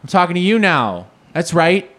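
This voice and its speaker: A man's voice: sits high, sing-song, normal speed, a bit bright. A man co-hosting a podcast, chatting casually, laughing and swearing as he jokes around. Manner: joking, laughs often, swears. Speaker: podcast co-host. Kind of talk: casual chat.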